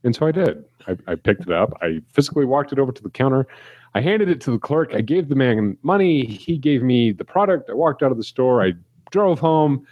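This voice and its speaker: A podcast co-host with a medium-pitched voice talks fairly quickly in a casual chat, telling a long anecdote as an animated storyteller who acts out the quotes. The recording is muffled, with no echo.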